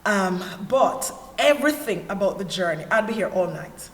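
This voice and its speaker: A woman's voice: medium pitch, normal speed. Jamaican woman telling her story, echoey hall. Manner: earnest storyteller, candid and animated. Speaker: panelist. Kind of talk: personal testimony in a panel talk. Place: church hall. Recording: echoey hall with faint ambience.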